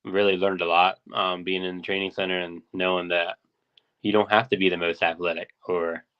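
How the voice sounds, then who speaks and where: A wrestler guest answering interview questions in a hesitant way, with many pauses and ums. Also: male voice, deep voice, level tone, clean tone. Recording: dull lo-fi audio.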